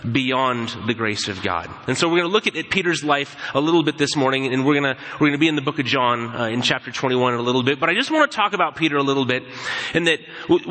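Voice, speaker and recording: A male pastor preaching in a large church, relaxed and conversational, slipping into the voices of the people in his stories. His tone is bright and forceful, and the sound rings with a long hall reverb. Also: medium pitch. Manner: conversational storytelling, acting out quoted voices. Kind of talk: sermon.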